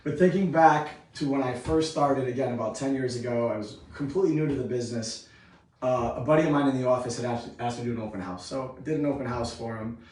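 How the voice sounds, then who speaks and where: Fast-talking man telling a story, echoey. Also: mid-range voice. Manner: animated, acts out scenes. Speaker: real estate agent. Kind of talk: casual storytelling. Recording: echoey room from far off.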